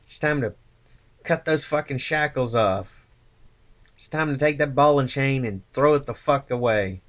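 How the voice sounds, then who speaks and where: A man's voice: medium pitch, a little slow. A man ranting angrily to his channel, contemptuous and swearing constantly. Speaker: channel host. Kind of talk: angry profane rant to camera.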